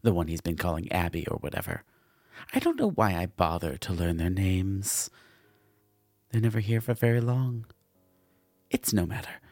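A man voicing a hungry female demon who drains her prey, speaking in hushed, menacing whispers. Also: low voice, big pitch swings, normal speed, pauses often, no room sound, exaggerated voice.

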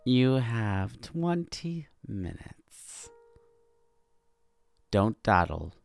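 A man's voice: lowish voice, big pitch swings, very slow, gravelly, soft background music, voice pushed up, full character voice. A man voicing a scheming demon uncle who coaxes sweetly and then commands coldly. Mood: commanding. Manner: sweetly coaxing, turning cold and commanding. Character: scheming male demon uncle, coaxing and stern.

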